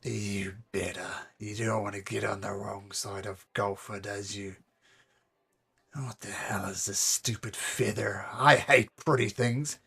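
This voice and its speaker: Man playing a low growling thug, menacing, crude, quiet threats. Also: fairly even intonation, unhurried, vocal fry, breathy edge, full character voice.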